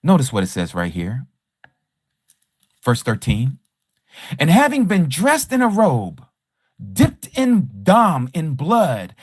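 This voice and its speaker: A man leads a livestreamed scripture study in an emphatic, rhetorical way. He hammers his points with repeated questions, and his pitch swings widely. The sound is dry and close, with no room around it. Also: huge pitch swings, slow pace, pauses often, breathy edge, no room sound. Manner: combative toward a rival teacher. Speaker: Bible study teacher.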